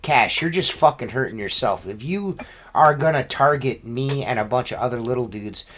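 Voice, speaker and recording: A window cleaning business owner chatting on a podcast, rambling and profane, with constant "you know what I mean" fillers. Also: male voice, mid-range voice, expressive, moderate pace, fairly bright tone. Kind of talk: casual podcast chat.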